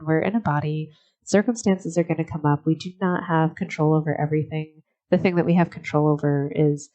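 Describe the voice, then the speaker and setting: A woman hosting a solo podcast, talking in a reflective, gently encouraging way and laughing often. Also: deep voice, lo-fi sound. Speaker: podcast host.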